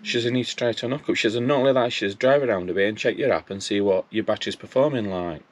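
A man's voice: on the low side, rapid-fire. A man, casually telling a story and acting out his phone calls in quoted dialogue. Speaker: vlogger.

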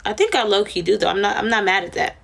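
A woman's voice: mid-range voice, big pitch swings, quick pace, vocal fry, breathy edge. A young woman chatting casually on a livestream, telling a rambling, slangy, profane story to her viewers.

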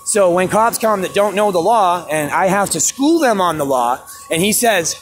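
A man's voice: sits high, lively intonation, moderate pace, slight background noise. A man vlogging outdoors in a city plaza, talking casually and acting out both sides of his arguments. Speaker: street musician vlogger. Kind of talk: casual outdoor vlog rant.

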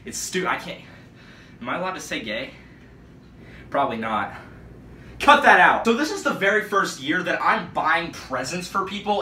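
A bright-voiced nineteen-year-old man rambles into a camera set up across a room, his pitch bouncing all over the place. He leans hard on "like" and lurches between muttering and yelling. The sound is roomy and distant, with a faint hiss underneath. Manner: excitable, rambling, heavy use of "like", jumps between mumbling and yelling. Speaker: vlogger. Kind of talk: casual rambling vlog monologue. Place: home, indoors, at night.

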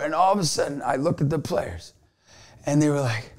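High-voiced, energetic male motivational speaker. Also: fairly quick. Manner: energetic storyteller, bursts into shouts. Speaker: youth basketball coach and motivational speaker. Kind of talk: motivational talk to camera.

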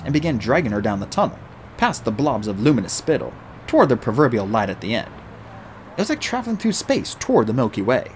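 A man reading a novel aloud as an audiobook narrator, with an animated, expressive delivery. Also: medium pitch, slight background noise.

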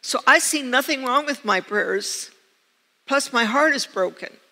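Woman preacher, slow, earnest storytelling, gravelly edge, church hall reverb. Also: high voice, lively intonation. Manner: earnest storytelling with soft laughs. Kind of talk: sermon.

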